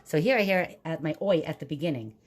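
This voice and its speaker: A woman teacher giving a recorded phonics lesson to young children, patiently sounding words out slowly. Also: sits low, expressive.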